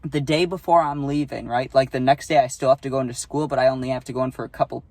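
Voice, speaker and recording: A man's voice: mid-range voice, fairly even intonation, fast talker, a little mellow, dry recording. A young adult man telling a casual storytime, rambling and profane, often tagging on "right?".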